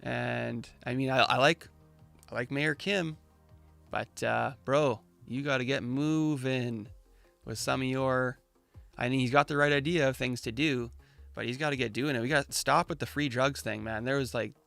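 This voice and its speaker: A man's voice: medium pitch, moderate pace, creaky, a bit bright, dry recording, soft background music. A man hosting a casual, opinionated chat, ranting in slang and mocking the voices of the people he quotes. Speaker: crypto channel host.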